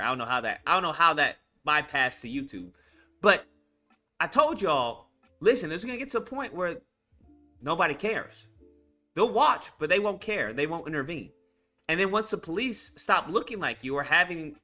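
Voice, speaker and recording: Male commentary host, blunt and profane, high-pitched and lively, with soft guitar music underneath. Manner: blunt, profane, repetitive and heated. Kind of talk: casual political commentary rant.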